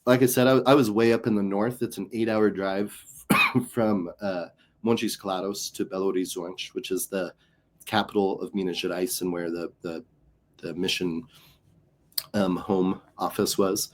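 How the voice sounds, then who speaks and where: A man's voice: low voice, moderate pace, a little hiss or hum. A man, a comedian guest on an interview show, telling stories in casual chat and acting out the voices of people he quotes. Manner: animated, acts out quoted voices.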